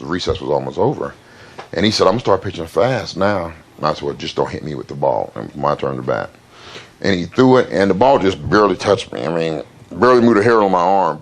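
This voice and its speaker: Deep-voiced man, interview guest, plain halting storyteller with fillers.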